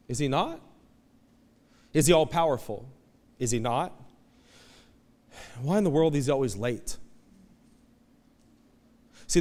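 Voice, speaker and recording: Animated preacher in a reverberant hall. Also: male voice. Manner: animated preaching with sudden loud high outbursts; acts out pleading voices in the story. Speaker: pastor. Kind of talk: sermon. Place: church auditorium.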